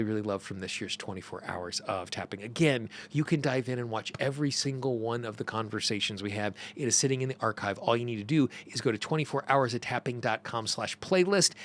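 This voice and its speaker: A man's voice: mid-range voice, a bit bright. A middle-aged man hosting a teaching monologue, earnest and emphatic, repeating phrases for stress. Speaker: host.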